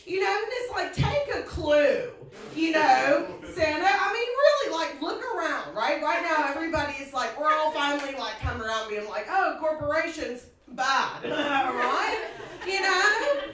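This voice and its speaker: A woman's voice: sits high, very animated, moderate pace, a bit bright. A woman performing a stand-up comedy set on a live stage, chatty and full of laughing asides. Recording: echoey room from a distance, audience.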